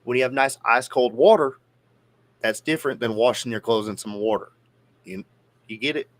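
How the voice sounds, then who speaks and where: A man's voice: medium pitch, moderate pace. A man from near the Georgia-Tennessee border with a Southern accent, co-hosting a casual podcast chat with rambling, profane, jokey storytelling. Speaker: podcast co-host.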